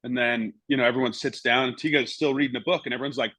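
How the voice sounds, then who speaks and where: This middle-aged former goalkeeper, now a podcast guest, talks very fast in a steady, mid-range voice with a slightly bright edge. He rambles through casual anecdotes, constantly tacking on "you know" and "right?". The recording has no room sound but poor audio quality.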